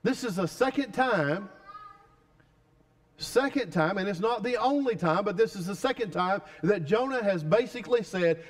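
A man's voice: high voice, animated, moderate pace. A male pastor preaching a sermon, emphatic and putting questions to the congregation.

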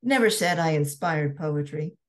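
A woman voicing a cocky young merchant man who goads and speaks bluntly, in her own low voice. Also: animated, a little slow. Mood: goading. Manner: goading, blunt.

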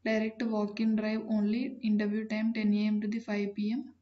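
A woman, hosting a channel and reading out job listings in a plain, businesslike way with frequent pauses. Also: mid-range voice, completely flat delivery, lo-fi sound.

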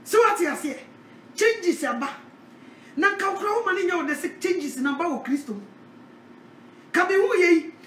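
A woman preaching a sermon, animated, with a repeated call-out refrain. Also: very high voice, a little fast, distant mic, a little hiss or hum. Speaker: evangelist. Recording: echoey, from off the mic.

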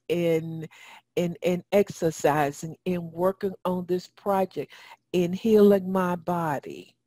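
Lady host doing a prayer teaching, kinda low voice, repeats lines for emphasis, talks right to the listener. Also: mellow, dry recording. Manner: preachy, repeats phrases for emphasis; addresses listeners directly. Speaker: radio talk show host. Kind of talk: spoken teaching.

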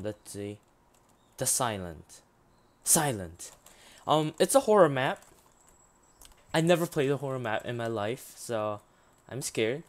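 A man hosting a game let's play, chatting and reading the on-screen text aloud, halting with frequent ums. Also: mid-range voice. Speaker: gaming channel host.

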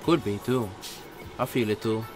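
A man's voice: lowish voice, moderate pace, over loud music. A man co-hosting a reaction video, chatting casually with slangy asides and frequent laughter.

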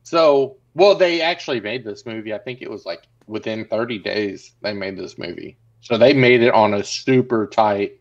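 Man recapping a movie, lo-fi sound. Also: on the low side. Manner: retells scenes acting out lines in quick voices. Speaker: podcast co-host. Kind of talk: casual movie recap chat. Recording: dull lo-fi sound.

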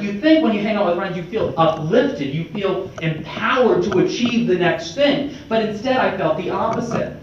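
A man in his twenties giving an energetic, conversational motivational speech to students as a state representative, often checking in with "right?". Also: high-pitched, recorded from a distance, a little hiss or hum. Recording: echoey hall, mic from afar, dull.

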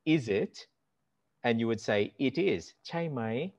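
A man's voice: medium pitch, slow, dry recording. Middle-aged man teaching on a dull call line. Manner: animated and instructive, demonstrates words aloud. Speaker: language teacher and guest. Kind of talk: explanatory conversation.

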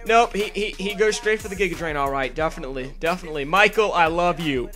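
Young male gamer narrator, high-pitched and hyped, laughs and cusses; light backing music. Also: fast talker. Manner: excitable, swears freely, laughs at himself. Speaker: gaming video narrator. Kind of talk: casual commentary over a game battle. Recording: faint music underneath.

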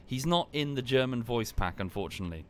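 A man casually commenting on a live game stream and explaining history at length in a relaxed, wry way. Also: mid-range voice, quick pace, slight background noise.

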